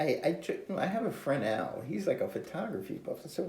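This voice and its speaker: An older man hosting his own podcast, talking in a meandering, halting way with frequent fillers and chuckles, recorded on a phone on a tripod. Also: a little high, sing-song, darkish tone. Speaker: podcast host. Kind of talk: rambling casual monologue. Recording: echoey room with faint ambience.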